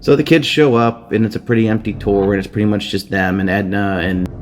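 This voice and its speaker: A man's voice: lowish voice, steady tone, a little fast, soft background music. A man hosting a podcast, recapping a children's book in a casual, crude, rambling way, swearing freely. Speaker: podcast host.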